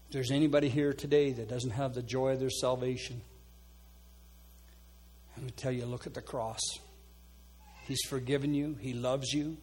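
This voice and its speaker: A man's voice: steady tone, normal speed, long pauses, slightly rough. A man preaching a sermon as pastor, calling people forward and then praying earnestly over them. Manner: earnest preaching, drops soft and low for quoted prayers. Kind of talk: sermon with altar call and prayer.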